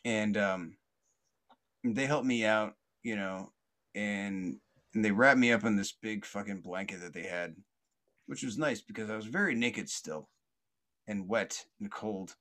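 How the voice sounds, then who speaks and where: Guy with a lowish voice rambling thru a story, lots of likes and restarts. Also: unhurried. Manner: rambling, many fillers and restarts, laughs often; acts out quoted voices loudly and higher. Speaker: podcast host. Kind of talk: casual storytelling.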